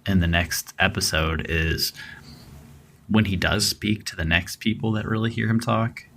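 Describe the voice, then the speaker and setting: A man's voice: low voice, fairly even intonation, a little slow, creaky, bright, forceful tone, a little hiss or hum. A man co-hosting a true-crime podcast, talking casually and rambling with lots of fillers and restarts. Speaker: podcast co-host.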